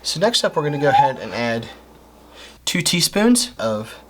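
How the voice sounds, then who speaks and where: A man's voice: a little high, very animated, normal speed, a bit bright, a little hiss or hum. A man hosting a home baking show, chatting upbeat and explaining each step as he works in a kitchen. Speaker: cooking show host. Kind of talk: casual cooking demonstration.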